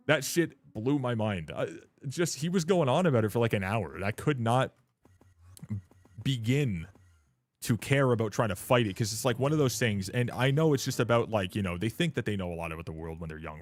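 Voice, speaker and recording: A young man from Canada chatting casually on a live stream, blunt and profane, ranting at his viewers and laughing often. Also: medium pitch.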